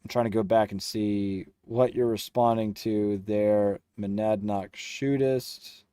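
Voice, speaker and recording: A man's voice: fairly low pitch, little pitch movement, measured pace, warm tone, clear, resonant tone, dry recording, clean studio sound. A young man hosting a casual livestream, reading chat aloud and teasing viewers with a laugh.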